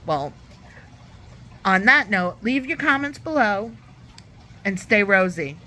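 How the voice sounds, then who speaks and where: A woman talks straight to her viewers in a casual, opinionated reality-TV review. Her voice is bright and forceful, and her delivery is animated whenever she acts out other people's lines. Faint noise sits behind her. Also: mid-range voice, takes it slowly. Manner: chatty and opinionated, acts out quotes. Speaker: YouTube reviewer.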